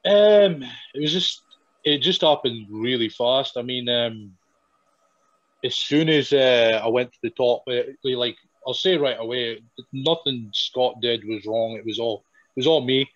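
Young man, from Scotland, halting fillers, lo-fi muffled audio, mid pitch. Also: dry recording. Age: young adult. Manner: halting, many fillers and restarts, laughs while telling. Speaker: wrestler guest. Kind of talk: casual interview storytelling.

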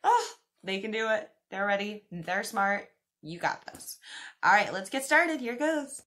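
A woman's voice: mid-range voice, sing-song, fairly bright tone. Upbeat woman speech therapist coaching parents, encouraging, stretches demo words. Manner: slow, stretched demonstration of words. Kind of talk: parent-directed teaching video.

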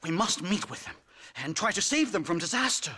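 A man's voice: high voice, expressive, fairly quick, sharp tone, exaggerated voice. An actor playing a pompous, lecturing male professor in video game dialogue. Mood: lecturing, condescending.

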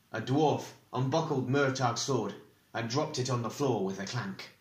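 A man narrating a fantasy audiobook chapter in a measured, even reading. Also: medium pitch, reverberant.

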